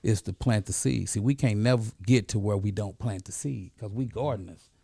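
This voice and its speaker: A middle-aged man, a podcast guest, telling a story in a lively, casual way and often checking in with "right?". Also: fairly low pitch, brisk, gravelly, breathy edge, no room sound, studio quality.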